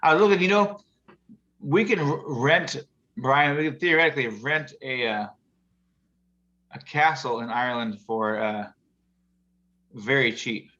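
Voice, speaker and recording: A man's voice: mid-range voice, a little slow, pauses often, sharp tone. A man hosting a casual video call show, reading jokes aloud in a rambling, chuckling way. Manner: chuckling, rambling joke-teller. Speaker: show host. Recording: muffled video call audio.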